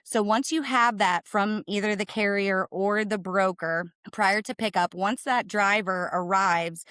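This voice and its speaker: A woman explaining to a podcast host, brisk and emphatic, often tagging points with "right?". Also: mid-range voice, a bit bright, smooth, dry recording. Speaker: cargo claims and risk manager, guest.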